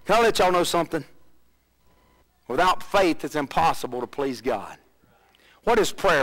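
Pastor, male, high voice, preaching with lots of questions, fervent then hushed. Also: animated, normal speed, pauses often, low-quality recording. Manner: preaching with rising and falling intensity, many rhetorical questions. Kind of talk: sermon.

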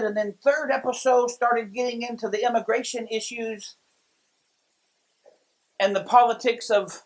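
A man preaching a sermon as pastor, telling stories with lively delivery and frequent restarts. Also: very high voice, rough recording. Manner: storytelling, lively, many restarts.

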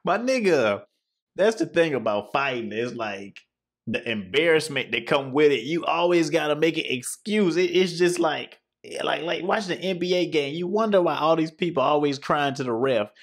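A man hosting a reaction video, trash-talking in a profane, mocking, excitable way, his voice going hoarse. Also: on the high side, normal speed. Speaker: YouTube reaction host. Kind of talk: casual reaction commentary.

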